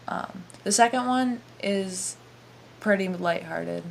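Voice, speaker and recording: A woman's voice: mid-range voice, takes it slowly, gravelly, slight background noise. A young woman co-hosting a casual podcast chat, laid-back and giggly, trailing off with fillers. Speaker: podcast co-host.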